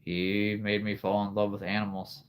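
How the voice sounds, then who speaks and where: A man in his thirties chatting casually as host of a livestream, rambling and halting and laughing often. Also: on the low side, flat delivery, smooth. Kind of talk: casual live-stream chat.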